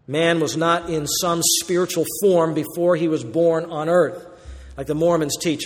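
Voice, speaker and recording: A man preaching a verse-by-verse sermon, swinging between loud emphatic warnings and quiet low asides. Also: in a large hall. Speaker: pastor. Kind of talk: expository sermon.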